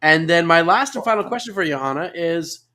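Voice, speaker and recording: Male host, a bit higher-pitched, upbeat and effusive on a live interview show. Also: lively intonation, fairly quick, bright, forceful tone.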